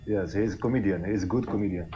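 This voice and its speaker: A man speaks on voice chat in halting, broken English, pausing often on fillers. Faint noise sits under his voice. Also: deep voice, dark tone, muffled recording. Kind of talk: casual voice-chat banter.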